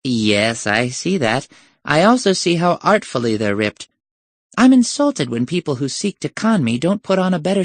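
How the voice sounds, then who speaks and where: A man voicing a bored, unflappable older professor who talks in a dry, deadpan, unimpressed way. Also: mid-range voice, dry recording, lightly acted.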